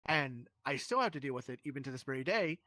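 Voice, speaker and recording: A man's voice: medium pitch, animated, fast, sharp tone, no echo. A man who streams, telling a rambling, heated story in casual live-stream chat with many restarts.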